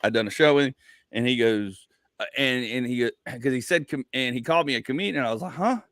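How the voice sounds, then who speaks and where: Male comedian host, animated storyteller, rambly, restarts a lot, dry close mic. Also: medium pitch, fast, no echo. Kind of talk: casual podcast chat.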